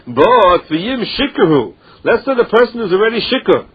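On a dull lo-fi recording, a man leads a Talmud lesson, chanting the text and explaining it in English peppered with Aramaic and Hebrew terms in a study rhythm. His husky voice sits high, swings widely in pitch, and moves at a normal speed.

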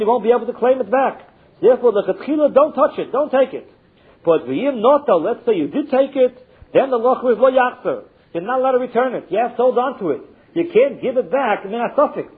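Teaching Talmud, a man with a very high-pitched, breathy-edged voice reads short phrases and translates each in a chanting rhythm. The sound is muffled, like a phone recording.

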